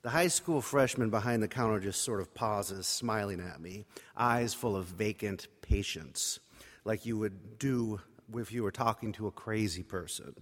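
A man's voice: lowish voice, measured pace. A man preaching by telling a personal story in a wry, conversational, self-mocking way. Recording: reverberant hall.

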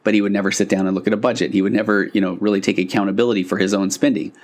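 A man with a fairly low voice talks through a podcast episode on his own. He is a couples therapist who reads quotations and then explains them in a relaxed, reflective way, often stopping for asides. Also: very fast. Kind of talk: casual solo podcast talk.

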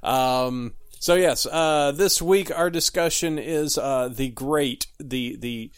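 A man's voice: medium pitch, slow, clean tone. Rambling male podcast host. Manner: rambling, full of fillers and restarts. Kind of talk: casual chat.

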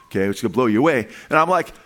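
A man preaching a sermon in a loose, conversational way, often restarting phrases and building to excited emphasis. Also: medium pitch, racing. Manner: animated and conversational, with frequent restarts and rising emphasis. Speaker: pastor.

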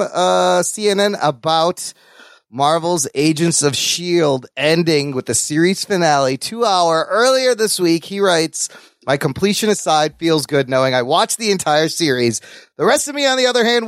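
A man co-hosting a podcast in casual chat, animated and profane. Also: normal speed, no echo. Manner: animated, profane, swings between high and low pitch. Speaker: podcast co-host.

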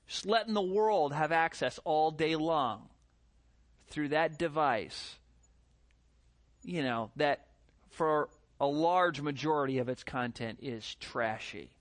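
A middle-aged man preaching a sermon as pastor, animated, with rhetorical questions and mimicked voices. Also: on the high side, takes it slowly.

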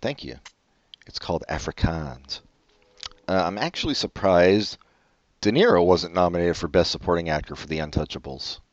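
A man with a very low voice chatting casually about films, wandering through his thoughts and cursing at his own slips. The sound is dry and a bit dull and lo-fi. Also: expressive, normal speed, no echo. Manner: rambling, trailing off, swears at slips. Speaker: podcast co-host. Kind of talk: casual film chat.

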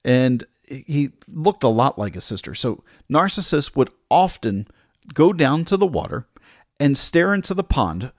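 A man's voice: medium pitch, no room sound, clean studio sound. A man retelling an old myth in a casual, conversational way, with small asides and restarts. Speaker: storyteller.

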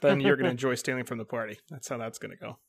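A man's voice: medium pitch, fairly even intonation, very fast, gravelly, husky. A man co-hosting a casual gaming podcast, joking and playful. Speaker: podcast co-host. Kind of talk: casual chat.

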